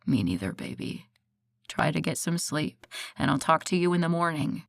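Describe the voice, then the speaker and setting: A woman's voice: sits low, sing-song, normal speed, gravelly, pitched below the performer's own voice, exaggerated voice. A woman doing a drowsy, tender boyfriend.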